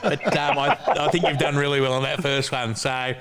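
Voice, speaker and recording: A man's voice: mid-range voice, fairly even intonation, moderate pace, a loud crowd. An Australian man hosting a live show, matey and chatty, often adding "you know what I mean". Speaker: host. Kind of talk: casual live chat.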